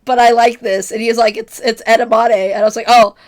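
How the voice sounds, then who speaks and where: Brisk and level, this woman's voice is fairly high yet somewhat dark in tone. She's in her twenties, streaming and casually talking with chat, giggly and self-deprecating despite a voice strained by sickness.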